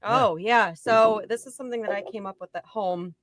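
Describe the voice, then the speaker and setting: A woman's voice: mid-range voice, normal speed, noisy background. A woman making drinks as a podcast guest, bubbly and chatty. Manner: bubbly, laughs easily. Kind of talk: casual chat.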